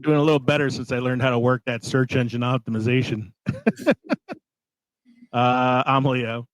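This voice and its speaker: A man hosts a casual podcast in a small studio, joking and swearing freely. His voice sits at an ordinary pitch, and the sound is dry and close with no room echo. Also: steady tone, moderate pace. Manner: laid-back, swearing, laughing between lines. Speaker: podcast host.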